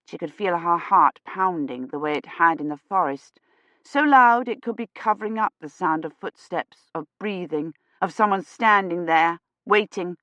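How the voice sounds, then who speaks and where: A woman narrating an audiobook in a hushed, suspenseful storytelling manner. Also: lowish voice, animated, moderate pace, no echo, dull audio. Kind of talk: scripted narration.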